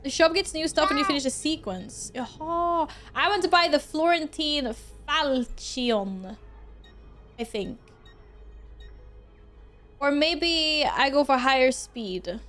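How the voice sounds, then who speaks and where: A young woman from Sweden streams a game into a desk mic, talking in a bubbly, giggly way to her viewers. Her voice sits high, and faint music plays behind her. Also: measured pace, pauses often, fairly bright tone. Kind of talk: casual gameplay streaming.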